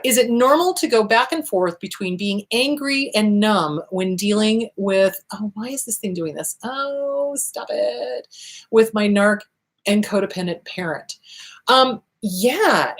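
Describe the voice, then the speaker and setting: A woman hosts a casual advice show, answering viewer questions about recovering from abuse in a blunt, emphatic way and repeating short commands to drive her point home. Her voice is expressive and a little slow, and she acts out quoted voices with big swings in pitch.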